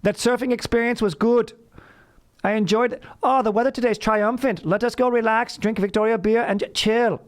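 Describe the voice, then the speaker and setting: Man doing a German-Australian surfer dude, high put-on voice, laid-back, stiffly formal phrasing. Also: steady tone, moderate pace. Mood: mock-formal. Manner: chill yet oddly formal, overly proper phrasing.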